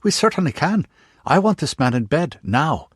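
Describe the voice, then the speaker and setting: A stern, protective healer woman snaps out orders in a high, raised voice, as a male narrator puts her on. Her tone is sharp and bossy, read for an audiobook. The sound is dry and close. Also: big pitch swings, normal speed, slightly rough, no room sound. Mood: scolding. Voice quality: sharp, scolding.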